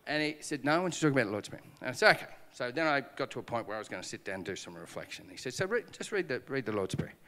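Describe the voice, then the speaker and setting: This pastor races through his conference sermon with few pauses, his mid-range voice filling a large hall. He tells animated stories, acts out the dialogue and makes fun of himself.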